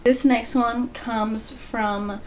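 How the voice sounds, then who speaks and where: A woman's voice: a little high, steady tone, extremely slow, darkish tone, a little hiss or hum. Chatty woman hosting a book vlog. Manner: chatty, reads passages aloud between light asides. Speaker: book vlogger, channel host. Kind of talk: casual book chat.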